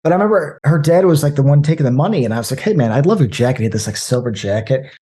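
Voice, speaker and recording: A man talking casually about movies, rambling and animated, with frequent restarts. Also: mid-range voice, very fast. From American Midwest. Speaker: podcast guest.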